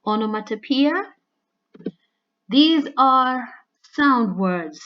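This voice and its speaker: A woman's voice: medium pitch, dull audio. A woman, an English teacher, giving a recorded lesson that explains figurative language in a loose, conversational way. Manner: conversational with frequent "all right" and "you know".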